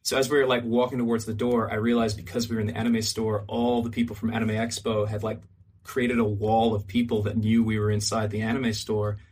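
A man's voice: on the low side, a little fast. A man on a podcast telling a long funny story in casual chat, acting out the other people's lines and swearing freely. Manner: animated, acts out quoted voices, swears freely. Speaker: podcast guest.

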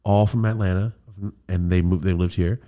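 A man hosting a podcast, telling a story in casual chat, animated and swearing a lot. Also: low voice, moderate pace. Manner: animated, swearing, quoting friends in put-on voices. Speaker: podcast host.

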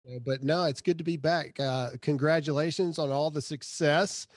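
A man as a podcast guest, chatting casually, halting, with frequent restarts. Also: fairly high pitch, fairly even intonation, dry recording, studio quality. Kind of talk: casual chat.

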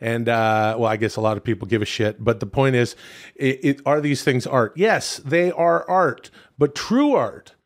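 Man from Canada, podcast co-host, lively and profane, mid-pitched voice, restarts a lot. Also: moderate pace. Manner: animated, profane, with many restarts. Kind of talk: casual chat.

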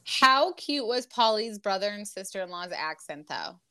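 A woman's voice: mid-range voice, expressive, normal speed, sharp tone, clean tone. A young woman co-hosting a podcast, chatting casually and rambling with lots of fillers and restarts. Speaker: podcast co-host. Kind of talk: casual recap chat.

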